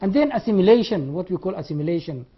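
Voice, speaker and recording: Fast and husky, with lively intonation at a medium pitch, this lecturer from Sudan repeats key terms, spells words letter by letter, and voices sounds as examples. The university classroom lecture comes through as a dull, lo-fi recording.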